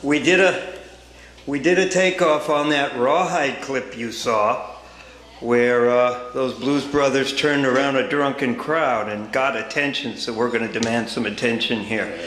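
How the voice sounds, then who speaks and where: A man's voice: medium pitch, unhurried, fairly bright tone, roomy sound, poor audio. A man giving a guest talk in a joking, folksy manner. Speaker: guest speaker. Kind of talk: talk with a sung parody.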